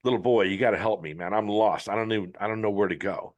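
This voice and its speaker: A man's voice: lowish voice, fast, lo-fi sound, lightly acted. A man telling a sly fable snake. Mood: pleading.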